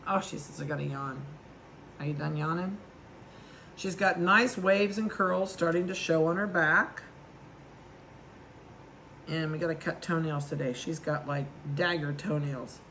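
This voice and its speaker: A chatty, affectionate woman breeder describes her puppies one by one and coos at them as she goes. Her voice is bright and forward, with a faint hiss of noise in the background. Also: fairly low pitch. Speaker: dog breeder. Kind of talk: casual narration while handling puppies.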